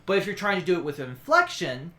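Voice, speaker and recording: Game master with a higher voice, echoey room. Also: male voice, wildly swooping pitch, fast talker, pushed and bright. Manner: explains rules, thinks aloud with restarts. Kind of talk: running a tabletop game.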